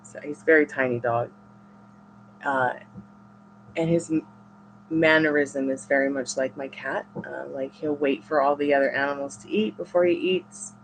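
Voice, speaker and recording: A woman reading tarot on a live stream, chatting casually with viewers and rambling in halting, restarting sentences. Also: deep voice, steady tone, a little hiss or hum.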